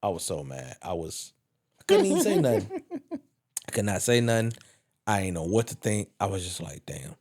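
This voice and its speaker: A man on a wrestling podcast panel, chatting casually and telling animated stories, swearing freely as he goes. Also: lowish voice, normal speed, pauses often. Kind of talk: casual chat.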